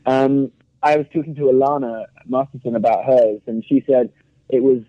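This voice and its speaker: A man in his thirties with an English accent, a guest actor chatting casually in an interview, speaking crisply and laughing often. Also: medium pitch, fairly even intonation, moderate pace, no echo, lo-fi sound. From England. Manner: over-articulates, chatty with frequent laughs.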